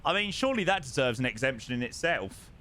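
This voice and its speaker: A man's voice: medium pitch, sing-song, fast talker, sharp tone. A young man chatting casually on a live flight sim stream, greeting viewers, reading chat aloud and humming to himself.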